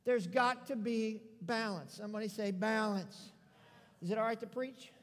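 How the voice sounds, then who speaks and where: A man's voice: high-pitched, moderate pace, a bit bright. A man preaching a sermon as pastor, calling on the congregation to respond and acting out scripture scenes in his own words. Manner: call-and-response preaching, dramatic paraphrase. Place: church sanctuary. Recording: long hall reverb.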